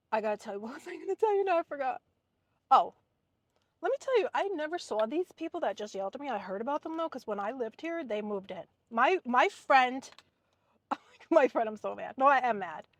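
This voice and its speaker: Brief: lively woman vlogger, slightly high voice, dry close sound, car storytime. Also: dry recording. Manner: animated, acts out quoted people. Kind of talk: casual storytime chat.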